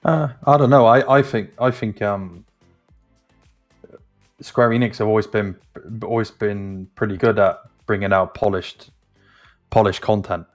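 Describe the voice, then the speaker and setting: A man with a low voice shares his views on a casual gaming podcast. He talks hesitantly, restarting his sentences often. Faint music plays underneath. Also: steady tone, a little slow, pauses often. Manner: hesitant, many restarts and ums.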